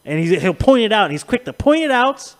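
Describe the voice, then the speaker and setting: A man hosting a podcast, chatting casually and profanely, telling animated stories and laughing often. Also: very high voice, fairly quick. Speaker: podcast host. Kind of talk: casual chat.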